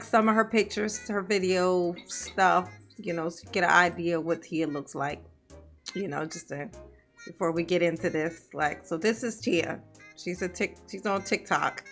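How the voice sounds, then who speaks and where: A woman hosting a reaction commentary show, sassy and quick with jokes, laughing often. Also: medium pitch, a bit bright. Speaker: commentary channel host.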